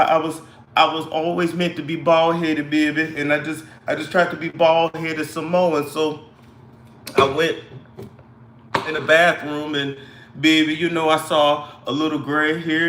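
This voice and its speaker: A man's voice: sits high, bright, forceful tone, full character voice. A man camping up a drawling, fretful woman. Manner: drawling, calls everyone baby. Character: scatterbrained woman fretting over damaged hair. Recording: echoey room.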